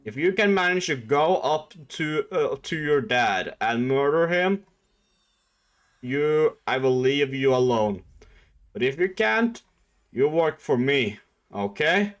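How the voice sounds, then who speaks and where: A man's voice: on the high side, expressive, takes it slowly. A man voicing a blunt, dismissive male emperor who gives orders in a casual, offhand way. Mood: bossy.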